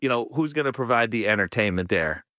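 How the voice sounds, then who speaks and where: A man's voice: mid-range voice, expressive, quick pace, pushed and bright, no echo, clean studio sound. A man, a psychology professor, explaining research earnestly as a guest in an interview.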